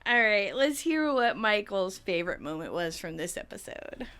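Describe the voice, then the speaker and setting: Bright, lively woman podcast host. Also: medium pitch, normal speed, clear, resonant tone. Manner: giggly, chatty, swears freely. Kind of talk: casual chat.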